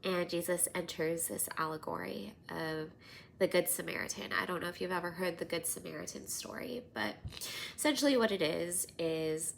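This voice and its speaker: Woman, 30s, podcast host, casual storytelling, animated, gravelly, bright. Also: low-pitched, a little hiss or hum. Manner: animated, drops to near-whispers and laughs often.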